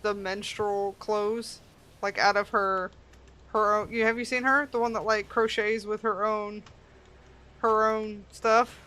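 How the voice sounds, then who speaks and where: A woman's voice: medium pitch, level tone, measured pace, pushed and bright. Giggly rambling woman, casual chat. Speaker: co-host. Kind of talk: casual chat while gaming.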